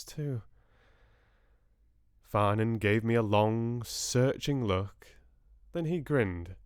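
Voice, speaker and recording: Slow, expressive male book reader. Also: lowish voice, dry recording, studio quality. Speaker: book club host reading aloud. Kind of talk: audiobook-style reading.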